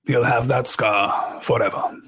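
A man voicing a calm, wise old male wizard headmaster from a storybook, speaking in a measured, unhurried way with a husky voice. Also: medium pitch, pitched below the performer's own voice, exaggerated voice.

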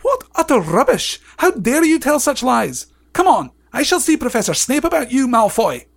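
A man voicing a stern older woman professor who shouts indignantly at a pupil. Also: very high-pitched, very animated, moderate pace, gravelly, voice pushed up, heavily acted. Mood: furious scolding.

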